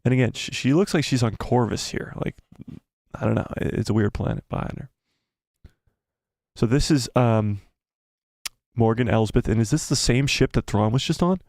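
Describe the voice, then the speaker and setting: A man hosting a live stream, excitedly breaking down a trailer, talking quickly and repeating phrases. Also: medium pitch, no room sound, clean studio sound.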